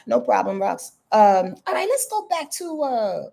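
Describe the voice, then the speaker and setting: A woman astrologer giving lively, slangy live-stream readings, answering viewers by name and swearing freely. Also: on the high side, a little slow, gravelly. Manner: animated, slangy, swears freely, reads viewer comments aloud.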